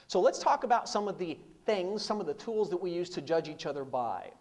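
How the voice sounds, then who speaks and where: A middle-aged man addresses a seminar room full of people. His delivery is emphatic, built on rhetorical questions and repeated one-word punchlines. His pitch rises and falls freely, keeping the talk lively. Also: brisk. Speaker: business speaker.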